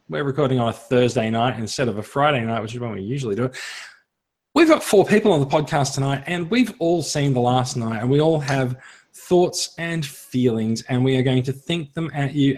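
A man's voice: mid-range voice, darkish tone. An Australian man hosting a podcast, chatty with stumbling restarts and easy laughter. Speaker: podcast host. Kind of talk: casual podcast chat.

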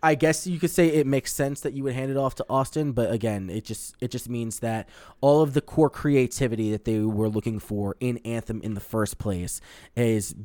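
His voice is medium-pitched, steady, and mellow, at a normal speed with no echo. This man co-hosts a podcast, casually and profanely rambling about gaming news and reading headlines out loud.

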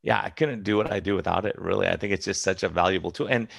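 Fast-talking gravelly man, a doctor. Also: deep voice, fairly even intonation, dry recording, studio quality. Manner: fast, emphatic, many restarts and acted-out quotes. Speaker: preventive medicine doctor. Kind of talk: casual interview talk.

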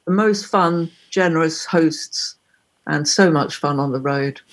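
Chatty storytelling woman with a husky voice. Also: low voice, a little slow. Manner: chatty storyteller, playfully demonstrates slang. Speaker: guest musician. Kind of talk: casual conversation on a call.

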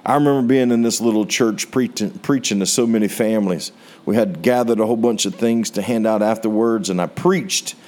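A man's voice: fairly low pitch, a little mellow. An American man preaching a sermon, telling a personal testimony in an earnest storytelling way, his voice rising on rhetorical questions. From United States. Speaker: pastor.

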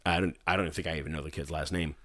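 A man telling a story in casual chat, animated and profane, acting out what people said. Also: extremely low pitch, rapid-fire. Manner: animated, profane, acts out quotes. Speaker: guest musician telling a story.

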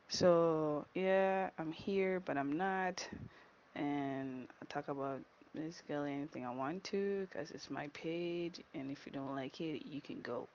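A woman's voice: sits low, measured pace, darkish tone, muffled recording, slight background noise. A woman hosting her own podcast, chatting casually and teasing her listeners with playful jabs. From Jamaica. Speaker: podcast host. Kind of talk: casual solo podcast monologue.

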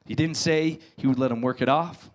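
A male pastor preaching to his congregation, retelling a parable with dramatic emphasis and quiet asides. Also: mid-range voice, a little fast. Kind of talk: sermon.

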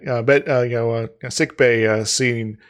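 A man's voice: mid-range voice, steady tone, moderate pace, a bit bright. A man co-hosting a casual recap chat, laughing often and hesitating with lots of fillers. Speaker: podcast co-host.

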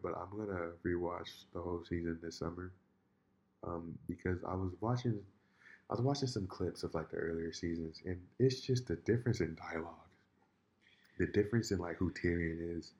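A man in casual chat, telling a story in an animated, rambling way with many restarts. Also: deep voice, moderate pace, lo-fi sound.

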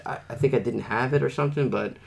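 A man hosting a podcast, chatting casually with a relaxed manner, often restarting his sentences. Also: medium pitch, vocal fry, over a noisy crowd. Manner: relaxed, frequent backchannel, halting restarts. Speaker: podcast host. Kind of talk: casual chat.

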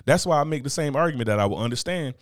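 A man in casual podcast chat, arguing his points in a loose, profane, animated way. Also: a little high, very fast, dry recording, studio quality. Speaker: podcast co-host.

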